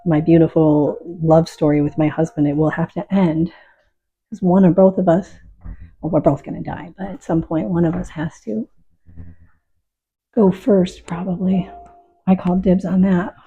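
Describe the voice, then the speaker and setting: Calm, husky middle-aged woman. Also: on the low side, moderate pace, long pauses, muffled recording. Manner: calm, reflective, openly emotional. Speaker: painter. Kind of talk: casual talk while painting.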